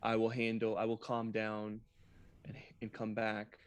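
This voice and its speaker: A man voicing a grave male warrior who fights an inner darkness, speaking slowly and solemnly in a tabletop game. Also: lowish voice, completely flat delivery, smooth, lightly acted.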